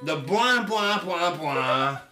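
High lively voice, bright tone, giggly crude podcast guy, echoey room. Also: slow, faint music behind. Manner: giggly, crude, mock Scottish asides. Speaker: podcast co-host. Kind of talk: drunk casual banter.

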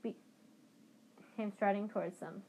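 A woman's voice: mid-range voice, a little slow, slight background noise, poor audio. Woman reading a storybook aloud. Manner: steady reading with small restarts. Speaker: audiobook reader. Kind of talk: storybook narration.

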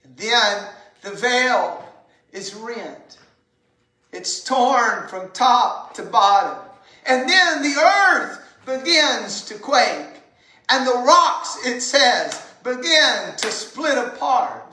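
High, bright-voiced woman preaching slowly. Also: animated, echoey room, rough recording. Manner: impassioned, building to shouts. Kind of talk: sermon.

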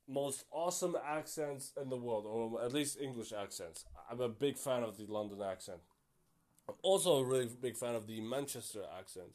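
Male podcast host, mid-pitched, loose solo chat, thinks aloud and second-guesses himself. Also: a little mellow. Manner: chatty and self-doubting, thinking aloud. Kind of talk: casual solo podcast commentary.

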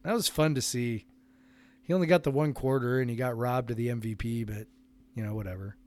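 A man's voice: medium pitch, a little fast, a little mellow. Laid-back laughing man on a podcast. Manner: rambling, laughs often, acts out kids' voices. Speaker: podcast co-host. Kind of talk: casual chat.

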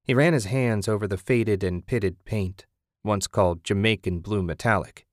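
A man with a low voice narrates an audiobook from a script, telling the story at a steady, measured pace. It's studio quality, with no room sound.

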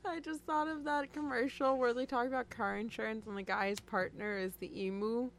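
Woman, podcast co-host, reads quirky news, dry asides, fairly high voice. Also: steady tone, moderate pace. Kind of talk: casual comedic chat.

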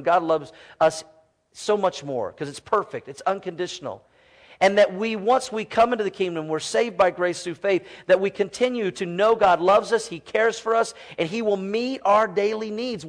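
A man in his forties, a pastor preaching a sermon in an animated, folksy storytelling way with many fillers. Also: high-pitched.

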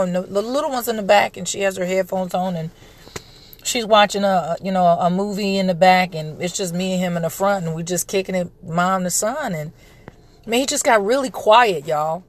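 Chatty mom, a bit hoarse. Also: female voice, medium pitch, normal speed. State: recovering from a respiratory illness, throat clearing. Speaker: podcast host, parent. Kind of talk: casual monologue.

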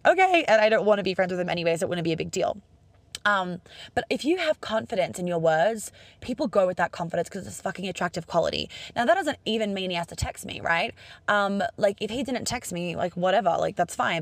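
A woman's voice: mid-range voice, dry recording. A young Australian woman with an Australian accent, talking casually to camera in a chatty, upbeat, profane way and acting out bits of dialogue.

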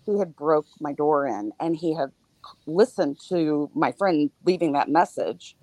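A middle-aged woman on a podcast panel, telling a personal story in casual chat with halting starts and fillers. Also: deep voice, lively intonation, dark tone, dry recording.

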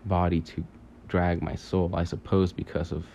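A man telling a long dream story in a halting, rambling way, full of fillers, restarts and casual swearing. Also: low voice, little pitch movement, vocal fry, mellow, highs cut off, a little hiss or hum. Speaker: podcaster recounting a dream.

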